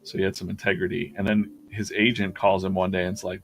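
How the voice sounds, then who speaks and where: A man with a lowish voice chats casually while he draws on a live stream. He meanders through a story, full of "um"s and "like"s, correcting himself as he goes. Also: level tone, quick pace, gravelly, soft background music. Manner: rambling storytelling with many fillers and self-corrections. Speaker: artist hosting a live drawing stream. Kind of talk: casual chat while drawing.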